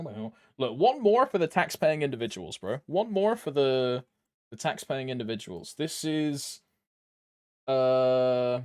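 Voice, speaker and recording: A man's voice: mid-range voice, a little mellow, no room sound, studio quality. A man streaming live, chatting loosely in slangy talk, laughing often and trailing off mid-thought. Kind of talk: casual live stream commentary.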